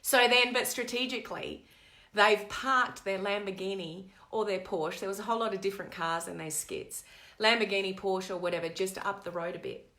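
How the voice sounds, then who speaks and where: A woman coach talking live to her online community, telling a digressive story in an animated way. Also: mid-range voice, normal speed. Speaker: network marketing coach. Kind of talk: live-stream chat to viewers.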